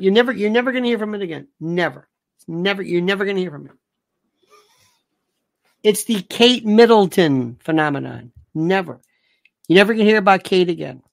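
A woman commentator delivers a scornful political monologue at a slow, deliberate pace. She repeats her phrases again and again for emphasis, and her tone is indignant and sarcastic. Her voice sits at a middle pitch. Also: no room sound, studio quality.

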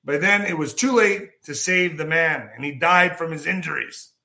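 A man talks his listeners through a long, wandering anecdote in a casual host's monologue. His voice sits a little high and comes across bright and forceful, and he clears his throat again and again as he goes. The delivery is loose and conversational, one story leading into the next. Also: moderate pace.

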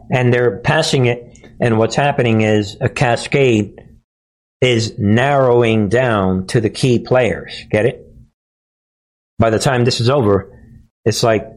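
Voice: mid-range voice, measured pace. A political commentator giving mocking commentary, sarcastic and often laughing, addressing the viewers as folks.

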